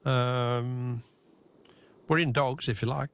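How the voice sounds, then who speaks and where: An Australian man hosting a talkback radio quiz, chatty and quick to laugh, repeating his question to callers. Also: mid-range voice, steady tone. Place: radio studio. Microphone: studio mic.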